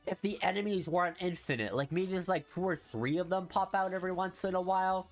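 A man's voice: lively intonation, normal speed, hardly any pauses, faint music behind. Young man ranting over a mobile game. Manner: frustrated ranting, swings from low muttering to loud outbursts. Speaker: gaming streamer. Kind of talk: casual gameplay commentary.

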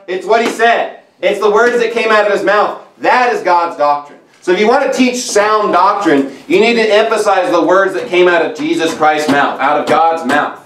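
A man's voice: high-pitched, moderate pace, hardly any pauses, fairly bright tone, reverberant, far from the mic, rough recording. A man preaching a sermon as pastor, emphatic and repetitive, reading scripture aloud. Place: church sanctuary.

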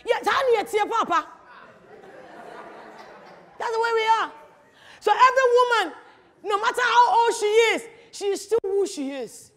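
High-voiced woman preaching in a hall. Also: normal speed, a faint crowd. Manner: animated, teasing, rhetorical questions. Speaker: speaker at a church teaching. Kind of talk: lively sermon-style talk to an audience.

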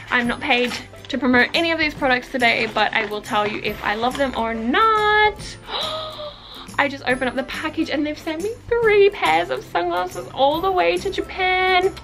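A young woman with a high, bright voice talks through an unboxing vlog. She gushes and exclaims over every item. Faint music plays quietly behind her. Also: low-quality recording. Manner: gushing, excitable, gasps and exclaims often. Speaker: vlogger.

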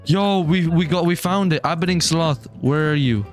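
A man hosting a casual multiplayer game session, excitable, laughing a lot and teasing his friends on a voice chat mic. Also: on the high side, normal speed. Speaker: gaming channel host. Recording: music playing behind.

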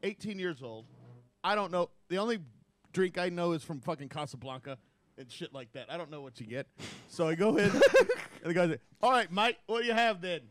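A man's voice: high voice, expressive, brisk, a bit bright, no room sound. A man, telling profane rambling stories in casual podcast chat. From United States. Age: 50s. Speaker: podcast host.

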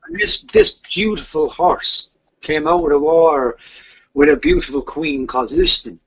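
A man's voice: fairly high pitch, wildly swooping pitch, moderate pace, vocal fry, slight background noise. A man telling a legend in casual, rambling talk, with repeated fillers. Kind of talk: casual storytelling. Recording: dull lo-fi podcast audio.

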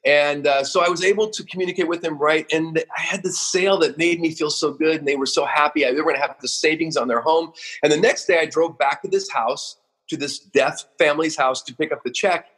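Husky-voiced man in his fifties, podcast guest; emotional, self-deprecating stories, stumbles and restarts. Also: fairly high pitch, fairly quick, fairly bright tone, rough recording. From Oregon, USA. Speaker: guest, roofing company founder. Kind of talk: casual podcast storytelling.

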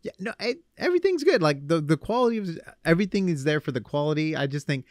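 A young man hosting a podcast, chatting casually in an animated way. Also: on the high side, dry recording, studio quality. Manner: animated, quick asides and laughs. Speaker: podcast host. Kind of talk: casual chat.

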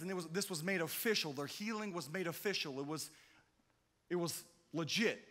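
A man preaching a sermon with drama, swinging between loud outbursts and hushed, slow passages. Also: fairly high pitch. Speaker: pastor. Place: church hall. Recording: hall reverb.

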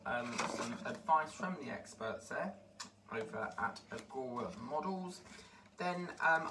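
A chatty man talks through a pile of model parts, rambling and delighted. He sounds set back from the mic, and steady background noise sits under his voice. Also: on the high side, distant mic. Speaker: model-building vlogger. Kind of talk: casual unboxing commentary.

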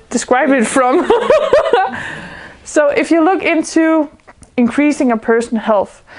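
A woman's voice: a little high, a little mellow. A woman giving an informal spiritual talk to a small group indoors. She sounds earnest, searches for her words, and often laughs. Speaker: spiritual speaker.

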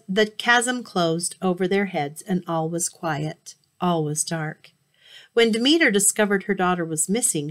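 A woman reading a myth aloud as a storybook, expressive with occasional slips and restarts. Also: mid-range voice.

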